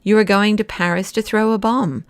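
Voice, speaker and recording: A woman's voice: medium pitch, steady tone, moderate pace, smooth, no room sound, studio quality, natural voice. A woman reading an audiobook, voicing a stern male professor who makes accusations.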